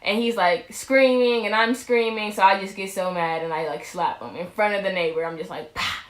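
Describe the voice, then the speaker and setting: A woman's voice: mid-range voice, steady tone, brisk. Young woman, casual storytime vlogger, rambling with restarts, roomy echo. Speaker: vlog co-host telling a story.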